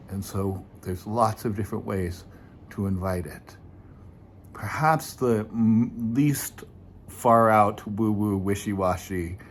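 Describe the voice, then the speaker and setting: A man teaching as a meditation teacher, talking in a gentle, unhurried, informal way before guiding a short meditation. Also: fairly low pitch, a little hiss or hum. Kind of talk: dharma talk leading into guided meditation.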